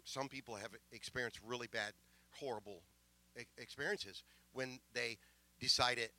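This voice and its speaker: With a mid-range voice, a middle-aged pastor relates a story in his sermon, full of emotion. He stumbles into many restarts and shifts between soft side remarks and booming declarations.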